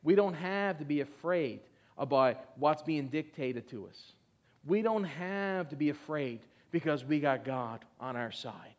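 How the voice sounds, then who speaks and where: A middle-aged man preaching in a high-pitched voice. He exhorts his congregation to answer him back and reads scripture with heavy emphasis, stretching out the key words. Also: lively intonation, a little slow. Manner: exhorting, calls for congregation responses. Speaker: pastor. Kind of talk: sermon.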